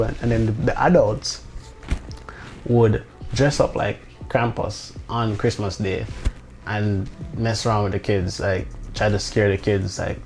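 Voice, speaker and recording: Man, lowish voice, rambling casual monologue, faint music under it. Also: steady tone, measured pace, darkish tone. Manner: rambling, restarts often, swears, incredulous asides. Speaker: vlogger.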